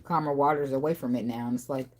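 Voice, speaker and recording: A woman's voice: extremely low pitch, steady tone, quick pace, slight background noise. A woman giving a casual tarot reading in a blunt, profane, talkative way. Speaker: tarot reader.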